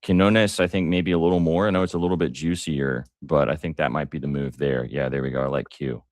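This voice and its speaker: Deep-voiced, excitable betting host. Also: male voice, a little fast, dry recording, studio quality. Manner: excitable, joking, lots of fillers. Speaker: sports betting show host. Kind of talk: casual live-stream betting talk.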